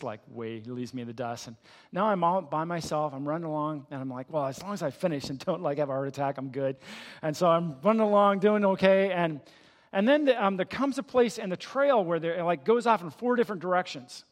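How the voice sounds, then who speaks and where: Older male pastor, high-voiced, sermon with a story, reverberant sanctuary. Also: a little fast. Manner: storytelling, animated in the story, soft and hushed in prayer. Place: church sanctuary.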